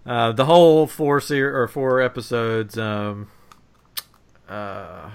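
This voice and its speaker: A man's voice: medium pitch, slow, creaky, smooth. A man co-hosting a casual podcast chat, recapping a TV episode with lots of laughter. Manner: animated, laughs often, recaps plot. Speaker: podcast co-host.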